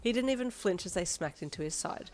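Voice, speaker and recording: A woman's voice: medium pitch, brisk. Woman reading fanfiction aloud. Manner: even, second-person storytelling. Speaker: narrator.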